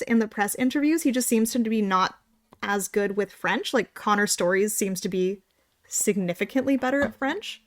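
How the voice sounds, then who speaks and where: A young woman from Canada chats casually as a podcast co-host. She talks in loose tangents and drops sarcastic asides. Her pitch sits in a middle range. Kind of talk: casual chat.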